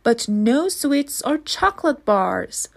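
A woman's voice: high voice, sing-song, takes it slowly, creaky, voice pushed up, exaggerated voice. A woman voicing a sensible young girl in a storybook reading, matter-of-fact.

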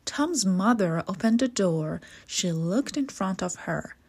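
A woman reads a children's story aloud, savouring each playful sound word. Her delivery is slow and unhurried, her voice husky with a gravelly texture. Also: medium pitch. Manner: expressive, with playful sound words.

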